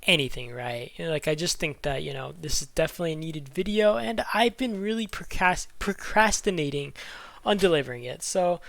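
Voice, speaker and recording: A man talks through game strategy in a loose, rambling way, full of fillers and self-corrections. He is audibly out of breath, his voice sits a bit high, and the sound is dry and close. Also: lively intonation, fairly quick, gravelly, fairly bright tone, no room sound. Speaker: gaming YouTuber. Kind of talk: casual game strategy commentary.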